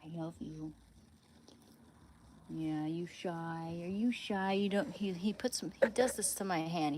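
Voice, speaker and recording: A woman livestreaming from her kitchen at home, cooing and whispering softly to her dog and chatting loosely with viewers. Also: deep voice, slow. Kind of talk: casual livestream chat. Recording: clear steady background noise.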